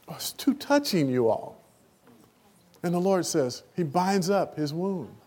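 High-pitched and slightly rough, a man's voice carries an animated, emotional sermon through a church meeting. He spikes abruptly in volume and stammers through repeated words.

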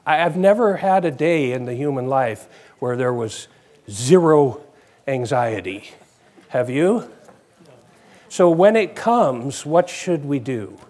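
A man's voice: mid-range voice, lively intonation, slow pace, darkish tone. A man preaching a conversational sermon, asking his congregation questions.

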